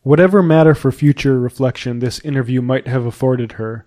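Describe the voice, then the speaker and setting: A man narrating a period novel as an audiobook reader, in a measured, even storytelling manner. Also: medium pitch.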